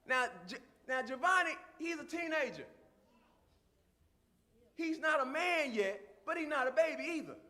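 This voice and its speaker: A man preaching a sermon with passion, swelling into shouts and repeating phrases for emphasis. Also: extremely high pitch, animated, moderate pace, long pauses, long reverb tail.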